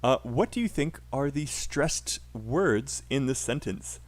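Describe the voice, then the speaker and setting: A man's voice: medium pitch, expressive, slow pace, few pauses. A man with a British accent teaching a live online English pronunciation class, upbeat and encouraging with frequent fillers.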